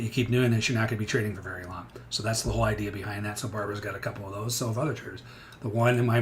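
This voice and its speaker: A man's voice: lowish voice, a little hiss or hum. A middle-aged man hosting a live trading stream, talking bluntly and energetically with frequent restarts.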